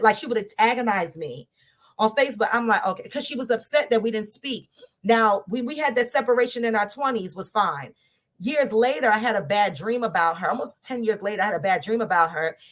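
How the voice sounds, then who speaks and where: Animated woman sharing a faith story. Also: mid-range voice, brisk. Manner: animated, conversational, laughs often, addresses listeners directly. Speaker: speaker in a faith-based discussion group. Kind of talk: candid personal storytelling to a group.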